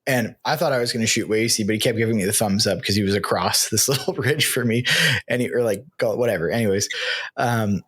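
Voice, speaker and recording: Excitable man telling hunting stories. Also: fairly low pitch, fast, slightly rough. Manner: animated, excitable storyteller. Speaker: podcast host. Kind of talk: casual conversation.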